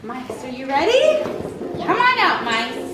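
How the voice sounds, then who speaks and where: A woman leading a children's show, telling a fairy tale and calling out questions to the kids in an animated way. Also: high voice, measured pace. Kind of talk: interactive storytelling to children. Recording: echoey hall from far off, noisy.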